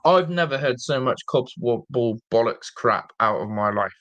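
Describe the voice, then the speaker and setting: Male fan-show host, mid-pitched, exasperated live rant. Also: lively intonation, moderate pace, a bit bright. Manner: exasperated, repeats himself, mocking.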